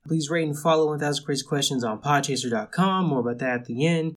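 A man's voice: on the high side, fast talker. A man hosting a casual podcast, chatty and joking, with rambling asides. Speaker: podcast host.

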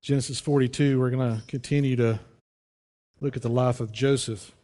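A pastor telling a story in a folksy, conversational sermon, with frequent restarts. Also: male voice, medium pitch, fairly even intonation, normal speed, warm tone, soft background music. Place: church sanctuary. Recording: long church reverb.

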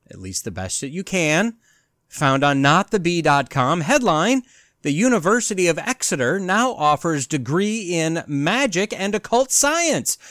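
A man hosting his own podcast in a theatrical, sarcastic manner, swooping from booming declarations to muttered asides. His voice sits a touch high for a man and moves very animatedly. The sound is dry and close, with no room around it. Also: fairly bright tone, no echo. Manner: theatrical, sarcastic, dramatic pauses. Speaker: podcast host. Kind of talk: scripted comedic monologue.

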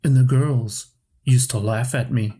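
A man voicing an old, lame uncle who speaks slowly and reflectively about the past. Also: mid-range voice, fairly even intonation, dark tone, breathy edge. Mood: wistful. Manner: slow, reflective storytelling. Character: old lame uncle recalling lost love.

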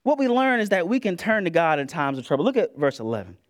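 A man preaching a sermon in an animated, colloquial way, with repeated words and asides to the congregation. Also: on the high side, fast.

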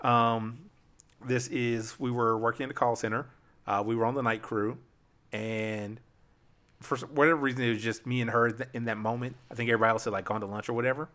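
A man's voice: mid-range voice, steady tone, fairly quick, a bit bright. A man chatting casually on a podcast, playful and laughing often as he tells stories. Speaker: podcast guest. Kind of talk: casual chat.

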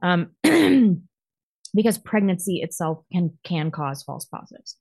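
A woman co-hosting a podcast, telling a story in a profane, animated way and acting out other people's lines. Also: on the low side, a little slow, creaky, breathy edge, dry recording, studio quality. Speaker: podcast co-host. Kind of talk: casual storytelling.

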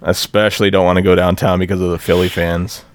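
A man from North Texas grumbles through a podcast chat in short, blunt bursts. His voice is very low and smooth. The recording is dry and close. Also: little pitch movement, fast talker, no echo. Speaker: podcast co-host. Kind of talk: casual profane chat.

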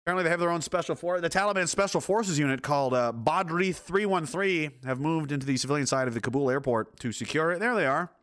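Man, higher-pitched voice, angry news commentary, sarcastic and sweary. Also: fast, hardly any pauses, a bit bright. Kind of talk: news reaction rant.

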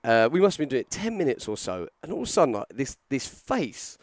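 Young man, lively anecdote teller, quotes people in character, dry studio mic. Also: medium pitch, fast talker, dry recording. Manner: animated storyteller, acts out quotes, frequent fillers and restarts. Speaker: podcast co-host telling a story. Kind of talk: casual storytelling chat.

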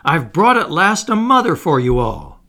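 A man voicing Peter Pan as a boastful, hot-tempered boy leader, loud and high. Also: huge pitch swings, normal speed, exaggerated voice. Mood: cocky.

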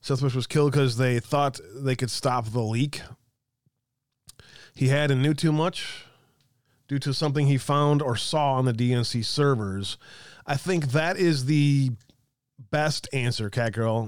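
A man hosts an online political commentary show, ranting sarcastically as he reads aloud from a website, muttering asides and swearing casually. His voice sits at medium pitch and moves at a measured pace. The audio is studio quality with no room sound.

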